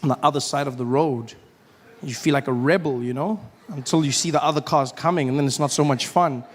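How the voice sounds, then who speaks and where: A man's voice: fairly high pitch, brisk. A man performing a stand-up comedy set, telling stories and acting out the people in them. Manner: animated storytelling, acts out other voices.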